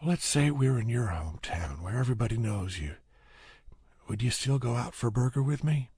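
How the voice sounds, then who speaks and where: Male narrator doing a quick-witted, self-mocking young woman, teasing, in an audiobook. Raised pitch, husky. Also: animated, darkish tone, no room sound, clean studio sound. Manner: teasing, needling questions.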